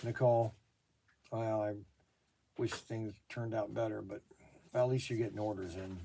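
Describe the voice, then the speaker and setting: A middle-aged man, a hobby shop owner, taking phone calls and exclaiming in loud disbelief, often repeating himself. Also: fairly low pitch, little pitch movement, moderate pace, creaky, a little hiss or hum. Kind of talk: phone calls during a work livestream. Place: his toy shop.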